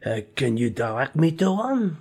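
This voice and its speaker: A man's voice: on the high side, big pitch swings, moderate pace, vocal fry, slightly rough, exaggerated voice. A man playing a cheeky, joking crew member in an amateur audio drama. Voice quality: jokey, loud and playful. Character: cheeky male crew member on a time-travel mission.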